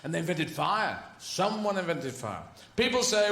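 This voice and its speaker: A man's voice: fairly high pitch, big pitch swings, moderate pace, creaky, hardly any pauses, a bit bright. A man doing a stand-up comedy routine, rambling through tangents and swearing freely. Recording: echoey venue with faint ambience.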